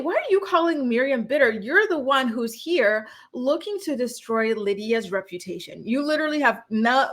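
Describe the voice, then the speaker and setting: Indignant young woman recapping TV. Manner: animated, indignant, acts out quotes with pitch jumps. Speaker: reality TV recap vlogger. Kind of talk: casual opinionated recap.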